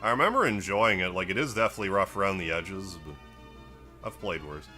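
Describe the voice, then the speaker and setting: A man's voice: sits low, a little fast, faint music behind. A man streaming a game, chatting casually, greeting viewers and musing aloud as he plays. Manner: relaxed, rambling, greets chat, muses aloud. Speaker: gaming live streamer. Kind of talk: casual gameplay stream chat.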